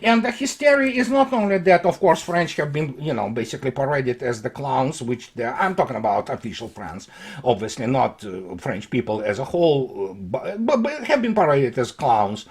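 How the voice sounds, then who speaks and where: A man giving an unscripted political commentary monologue, sarcastic and mocking, halting often on fillers. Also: medium pitch, lively intonation, breathy edge.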